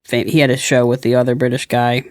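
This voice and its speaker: A man's voice: mid-range voice, completely flat delivery, fast, dry recording, clean studio sound. A man co-hosting a podcast, musing in casual chat and often searching for words. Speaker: podcast co-host.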